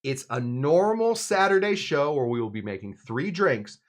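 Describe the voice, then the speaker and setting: In a fairly high, animated voice at normal speed, a man chats casually through his live cocktail show. He rambles, pokes fun at himself, and keeps filling in and restarting.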